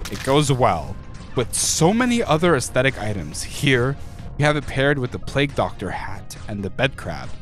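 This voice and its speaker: A man hosts a gaming video with a comedic voice-over, tossing in goofy asides as he goes. His voice jumps around a lot in pitch and sits in an ordinary middle range. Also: a bit bright. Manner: goofy, jokey asides and playful pitch leaps. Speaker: gaming channel host.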